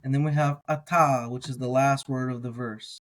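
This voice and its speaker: A man teaching as he reads a text slowly, word by word, repeating each word patiently. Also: mid-range voice, fairly even intonation. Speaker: biblical language teacher. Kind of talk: slow word-by-word reading lesson.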